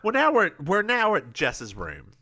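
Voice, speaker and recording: Bright, lively man recapping a show. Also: high voice, unhurried, no echo. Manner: animated, playful, stumbles and repeats himself. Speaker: podcast co-host. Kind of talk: casual chat recapping a TV episode.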